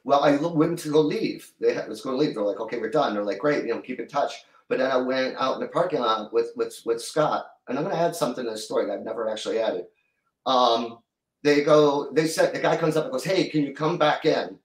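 A man's voice: medium pitch, distant mic. Rambling middle-aged man, echoey room. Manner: rambling, halting, with many restarts. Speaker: guest musician. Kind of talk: casual storytelling interview.

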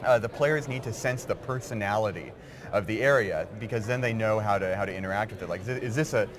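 A man who writes game material, talking in a casual interview with eager, quick bursts of explanation. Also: fairly low pitch. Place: busy game convention floor. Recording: loud crowd chatter behind.

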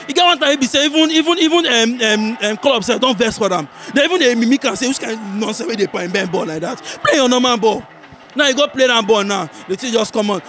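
A Nigerian man with a high voice, giving a heated casual football debate. He talks in an animated, argumentative way and presses his point again and again. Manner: animated and argumentative, keeps asking "you understand me?". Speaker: football fan giving a match reaction. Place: viewing center.

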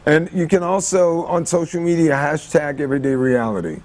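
A middle-aged man talking as a guest in a morning TV interview, relaxed and upbeat, with fillers. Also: on the high side, a little fast. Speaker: celebrity guest.

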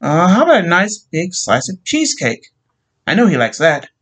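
A man's voice: sits high, wildly swooping pitch, normal speed, a bit bright, breathy edge, pitched above the performer's own voice, heavily acted. Friendly shop grocer, middle-aged, helpful and plain-spoken, read by a male narrator.

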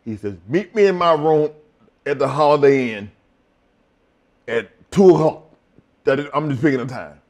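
A man's voice: on the high side, animated, normal speed, long pauses, a little mellow. An older retired wrestler telling blunt, profane stories in an interview and acting out the lines of the people he quotes.

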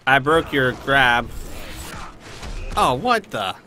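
A man's voice: medium pitch, big pitch swings, slow pace, vocal fry, sharp tone, faint music behind. A young man hosting a let's play, giving casual, playful commentary with exclamations and self-mocking jokes.

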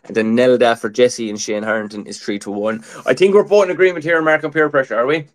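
A man's voice: medium pitch, steady tone, quick pace. A man co-hosting a casual horse racing preview, talking through tips with lots of "look" and "um". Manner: chatty, many fillers like "look" and "um". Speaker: racing tipster co-host.

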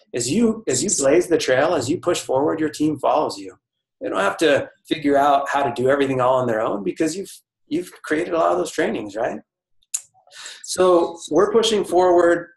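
A man tells a motivational story to a gathered team, earnest, restarting his phrases and turning to the listeners often. His voice sits at a middle pitch. The room carries a noticeable echo. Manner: earnest, with restarts and asides to the audience. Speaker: corporate speaker. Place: speaking to a team retreat audience in a room.

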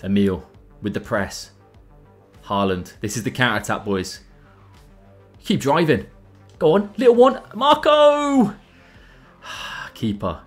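A young man commentating his own football video game matches in a casual, excitable way, his voice jumping up at big chances. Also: on the low side. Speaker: gaming YouTuber. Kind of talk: gameplay commentary.

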